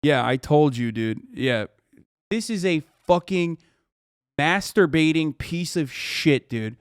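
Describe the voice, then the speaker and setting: A man reacting to a news video on a livestream, ranting angrily and swearing heavily, his voice rising into shouts. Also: a little high, animated, slow, clean tone, dry recording, clean studio sound. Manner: profane, angry ranting.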